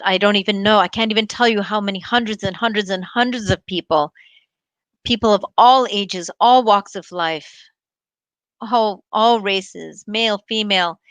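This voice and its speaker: A woman's voice: mid-range voice, fairly bright tone, no echo. A woman in a mid-range voice tells a heartfelt personal story straight to her viewers, earnest and sincere, acting out the lines of the people in it. The sound is dry and close, with no room around it. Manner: earnest and heartfelt, retells quoted dialogue. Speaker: show host and doctor.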